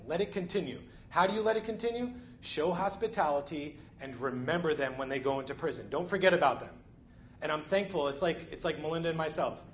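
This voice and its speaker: High-voiced conversational male preacher. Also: animated, fairly quick, dull audio, slight background noise. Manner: conversational, frequent "right?" and "you know". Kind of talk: sermon.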